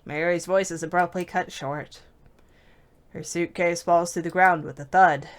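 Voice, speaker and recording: A woman hosting a let's play, reading a visual novel aloud in measured, slow first-person narration. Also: fairly low pitch, fairly even intonation.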